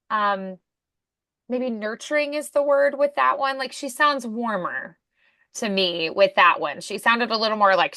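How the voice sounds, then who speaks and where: A woman's voice: fairly high pitch, pushed and bright, no room sound. A woman coaching voice acting in an upbeat, encouraging way, with many fillers. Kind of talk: casual coaching.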